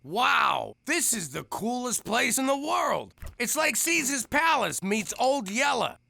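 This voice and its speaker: An actor playing a brash former mob boss with an excitable, gravelly manner. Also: male voice, extremely high pitch, takes it slowly, background noise, heavily acted. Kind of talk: adult cartoon voice acting.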